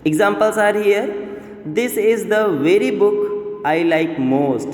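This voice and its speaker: A man teaching a grammar lesson, explaining slowly with repeats and fillers. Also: high voice, expressive, a little mellow. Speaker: English teacher. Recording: echoey room with long reverb.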